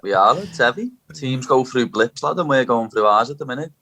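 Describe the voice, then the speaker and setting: A man's voice: mid-range voice, animated, fairly quick, sharp tone. A young man from Liverpool with a strong Scouse accent, chatting bluntly as a podcast guest and calling everyone "lad". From Liverpool, England. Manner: blunt, swears, calls people "lad". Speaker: guest, fighter. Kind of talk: casual chat.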